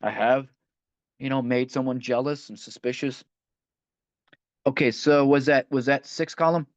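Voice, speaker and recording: A man's voice: mid-range voice, steady tone, a little slow, dry recording. A man leading a line-by-line recovery book study, talking conversationally and often restarting phrases as he reads passages aloud. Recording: dull, dry lo-fi audio.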